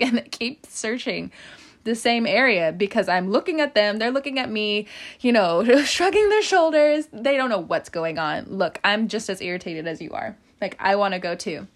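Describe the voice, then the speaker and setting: A young woman hosts a podcast, telling a story in a casual, animated way at normal speed. Her voice is mid-range, and she laughs often and acts out what other people said.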